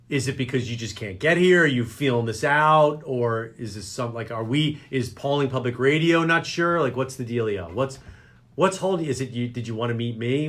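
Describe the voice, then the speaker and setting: Animated joking New man. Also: medium pitch. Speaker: local radio show host. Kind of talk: casual chat show banter.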